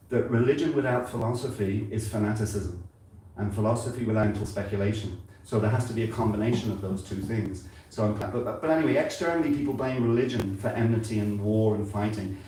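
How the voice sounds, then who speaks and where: A man's voice: fairly low pitch, warm tone. Older man preaching in an echoey hall. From England. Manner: conversational, halting with frequent repeats and fillers. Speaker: spiritual speaker at a temple gathering. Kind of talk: informal sermon. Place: temple hall. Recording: very echoey hall, heard from a distance.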